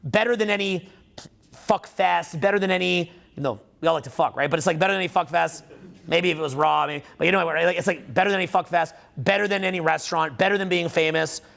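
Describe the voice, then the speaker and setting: A man's voice: a little high, fast, creaky, a bit bright. A man giving a live seminar talk as a social skills coach, swearing freely, speaking with emphasis and firing questions at the room. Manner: profane, emphatic, quizzes the audience.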